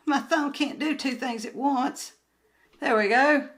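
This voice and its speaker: An older woman with a Southern US accent, chatting casually to camera while unboxing crafts, rambling and often trailing off into soft murmurs. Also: sits high, poor audio. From Southern United States. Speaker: crafts vlogger and booth vendor. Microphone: handheld phone camera.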